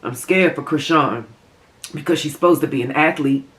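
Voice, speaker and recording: A woman's voice: low-pitched, moderate pace. A young adult woman vlogging during a mukbang, talking straight to her viewers in a heated, impassioned way. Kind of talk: emotional mukbang commentary.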